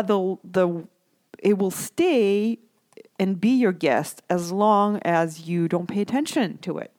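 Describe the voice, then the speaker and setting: A young adult woman and mother talking gently and conversationally to listeners about self-care, often checking in with "right?". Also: mid-range voice, no room sound, clean studio sound. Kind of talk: casual reflective talk to listeners.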